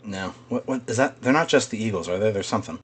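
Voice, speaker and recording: A man's voice: lowish voice, fast talker, slightly rough. A man co-hosting a podcast in casual chat, rambling, swearing freely and laughing often. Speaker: podcast co-host.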